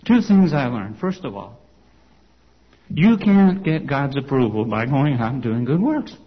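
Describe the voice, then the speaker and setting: A man's voice: medium pitch, big pitch swings, unhurried, husky, muffled recording. A man, a former congregation elder, telling his personal testimony to an audience in a conversational storytelling way, full of "you know" and "okay?" asides.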